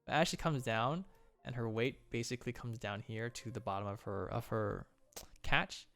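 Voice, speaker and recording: A man's voice: medium pitch, normal speed, vocal fry, a bit bright. A man casually breaking down animation on a stream, enthusiastic with playful exclamations.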